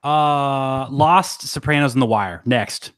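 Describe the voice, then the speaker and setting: A man co-hosting a podcast, answering questions in a quick, dry, joking manner. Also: mid-range voice, animated, fairly bright tone. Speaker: podcast co-host. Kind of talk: casual chat.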